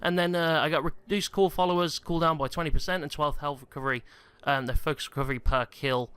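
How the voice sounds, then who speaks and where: A man's voice: a little high, fairly even intonation, fast, a bit bright, smooth. A young man giving casual gameplay commentary, out of breath, rambling and full of um and like. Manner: rambling, heavy on fillers like um and like. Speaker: gaming YouTuber. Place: small stuffy room at home.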